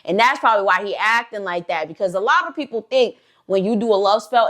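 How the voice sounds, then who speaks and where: A woman's voice: medium pitch, expressive, brisk, few pauses, a bit bright. A woman hosting a storytime channel, telling a story casually with lots of slang, "like" fillers and swearing.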